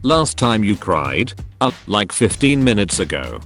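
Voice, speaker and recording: A man with a lowish voice reads out a string of funny posts, his delivery bouncing up and down with animated intonation. Faint music plays underneath. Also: unhurried. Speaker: narrator reading funny posts. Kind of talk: read-aloud comedic narration.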